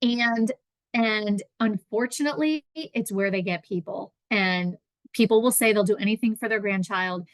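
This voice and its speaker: A woman's voice: mid-range voice, normal speed, dry recording. A woman giving a conversational public presentation on consumer protection, acting out callers and victims in quoted voices.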